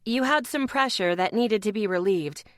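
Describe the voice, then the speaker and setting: A kind pregnant healer, as a woman reads her talks gently with a teasing edge, at a middle pitch. The audiobook recording is dry and close. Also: normal speed, no room sound, close to an everyday voice. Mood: gentle teasing.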